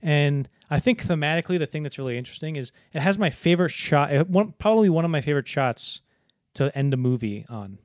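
A man's voice: fairly high pitch, animated, no room sound. Rambling male podcast host, dry close sound. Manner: rambling, acts out movie lines in quick put-on voices. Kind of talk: casual film discussion.

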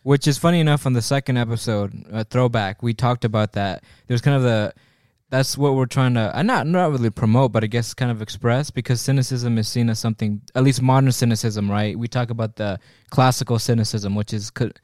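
A man's voice: mid-range voice, fairly quick, darkish tone, no room sound, clean studio sound. A man hosting a podcast in casual chat, chiming in with jokes. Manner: joking interjections. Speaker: podcast host.

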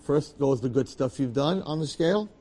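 A man's voice: mid-range voice, expressive, moderate pace, dark tone, slightly rough. A man voicing a solemn heavenly judge. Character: solemn elderly heavenly judges, bearded rabbis.

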